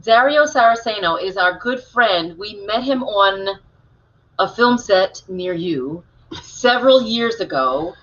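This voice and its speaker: A woman co-hosts a live stream in a bright, clear voice, chatty and full of stories. She reads viewer comments out loud. The audio is a little dull and lo-fi. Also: medium pitch, expressive, takes it slowly. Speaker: co-host of a live online talk show. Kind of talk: casual live-stream chat.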